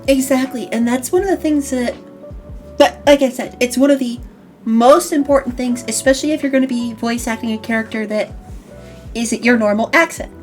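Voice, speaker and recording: A young woman hosting a casual online talk show, animated and jokey. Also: a little high, moderate pace, soft background music. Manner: animated, jokey, drops into put-on accents. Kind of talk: casual chat on a vtuber stream.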